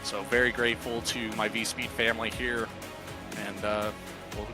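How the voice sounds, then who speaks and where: A man's voice: lowish voice, level tone, moderate pace. A man commentating a sim racing broadcast, emotional and thankful as he wraps up a charity race. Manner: emotional, warm-hearted, thankful. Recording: music playing behind the voice.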